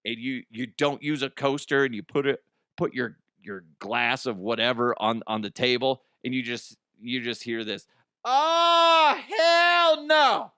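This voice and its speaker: This comedy podcast host, a man with a medium-pitched voice, is recorded dry with studio clarity. Excitable and quick to laugh, he swears freely while reading listeners' ghost stories aloud and joking about them.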